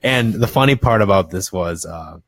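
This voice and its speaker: A man's voice: deep voice, animated, moderate pace, no room sound, clean studio sound. A man in his twenties, a podcast co-host chatting casually, rambling through stories, swearing freely and laughing at himself. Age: 20s. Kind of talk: casual chat.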